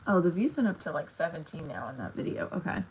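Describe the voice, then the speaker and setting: A woman's voice: deep voice, very animated, fast talker, a little mellow, a little hiss or hum, rough recording. A woman comedian chatting casually on a livestream, rambling with lots of fillers and talking to her viewers.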